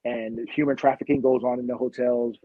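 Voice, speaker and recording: A man's voice: medium pitch, little pitch movement, a little fast, no echo, phone-quality sound. A man from Long Beach, a police officer guest on a podcast, telling street stories in a blunt, impassioned way. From Long Beach, California. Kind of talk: podcast interview storytelling.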